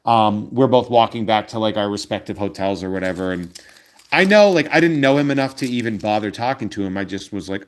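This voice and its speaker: A man's voice: fairly low pitch, animated, normal speed. Chatty man in his forties. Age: 40s. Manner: rambling, chatty storytelling with many fillers. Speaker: card collecting channel host. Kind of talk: casual chat to viewers.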